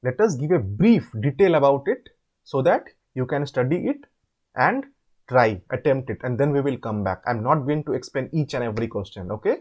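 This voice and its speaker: A man with an Indian English accent tutoring students through an English assignment, explaining step by step and repeating words slowly. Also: medium pitch, lively intonation, darkish tone. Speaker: online course tutor. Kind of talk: assignment walkthrough lesson.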